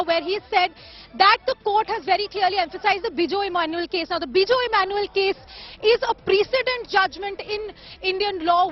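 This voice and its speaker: High-pitched woman reporting live outdoors. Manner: hesitant, many fillers. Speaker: field reporter. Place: outdoors at a court. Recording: dull lo-fi broadcast audio.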